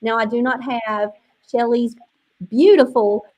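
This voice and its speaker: High-voiced effusive woman host. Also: fairly even intonation, measured pace, a little mellow, rough recording. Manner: effusive, chatty, emotional, fighting tears. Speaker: publisher hosting a book launch. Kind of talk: casual online launch party hosting. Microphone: video call.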